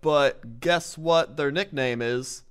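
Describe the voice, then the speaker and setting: A man's voice: mid-range voice, slow pace, a bit bright, soft background music. A man co-hosting a podcast, laid-back and chuckling as he reads out news bits. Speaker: podcast co-host. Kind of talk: casual comedic chat.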